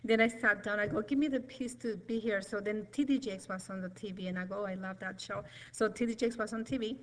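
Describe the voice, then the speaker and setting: A woman's voice: mid-range voice, steady tone, fast, a bit bright, low-quality recording. A middle-aged woman giving a nervous, rambling, emotional personal testimony in church.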